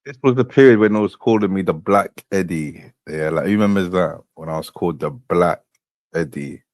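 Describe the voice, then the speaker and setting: Brief: male host, deep and low, slow slangy clip commentary, dry close sound. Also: darkish tone, no echo. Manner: slow, drawling recap with casual slang. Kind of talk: commentary on replayed clips.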